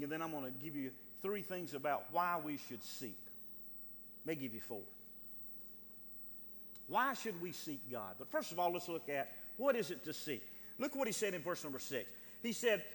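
A man preaching a sermon with fervor, often repeating words and restarting phrases, and building to shouted cries. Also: high voice. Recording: long hall reverb.

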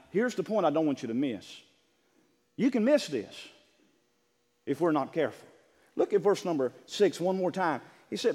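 A man preaching a sermon, moving from quiet talk to shouted passages and acting out what people say. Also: in a large hall. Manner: builds from low talk to shouted preaching, acts out quotes.

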